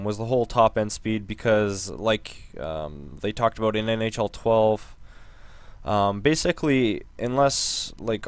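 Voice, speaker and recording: A man hosting a gaming channel, giving a casual, rambling game news recap with lots of ums and restarts while slightly hoarse from losing his voice. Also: fairly low pitch, no echo.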